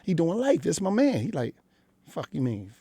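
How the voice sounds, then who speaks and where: A man's voice: fairly high pitch, huge pitch swings, moderate pace, dark tone, breathy edge, dry recording. A middle-aged man with a Philadelphia accent, talking bluntly and profanely as a radio guest in a studio. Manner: blunt, profane street storytelling. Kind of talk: candid interview talk.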